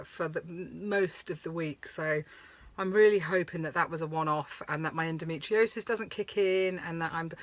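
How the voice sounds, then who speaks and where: A woman's voice: fairly low pitch, fairly bright tone, no room sound. A woman, vlogging in a frank, rambling way, swearing freely and laughing often. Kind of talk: candid chatty vlog. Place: touring stop at a countryside campsite.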